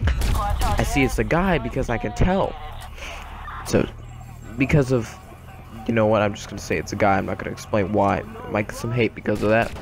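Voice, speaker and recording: A man's voice: lowish voice, creaky. A man telling a dramatic story in a casual, slangy way, with comic asides. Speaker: gaming YouTuber.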